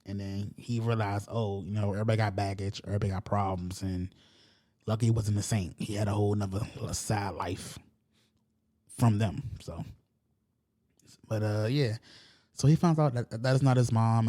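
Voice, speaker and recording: Rambling slangy man with a mellow voice. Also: lowish voice, normal speed. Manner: rambling, loose slangy storytelling with animated quoted voices. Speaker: podcast host. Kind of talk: casual podcast chat, retelling a movie plot.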